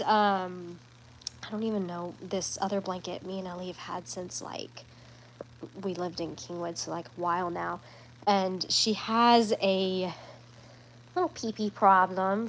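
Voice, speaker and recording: A woman's voice: medium pitch, poor audio. A young woman chatting casually in a home vlog, rambling with restarts and fillers. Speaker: vlogger.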